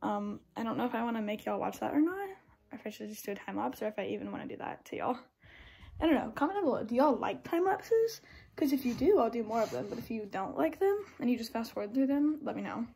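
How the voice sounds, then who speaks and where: A woman's voice: on the high side, lively intonation, fast talker, gravelly, mellow, breathy edge, dry recording. A teenage girl, chatting in a rambling, filler-heavy way while vlogging into her phone from her car. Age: teens. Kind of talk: casual vlog chat. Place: inside a parked car. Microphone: phone camera.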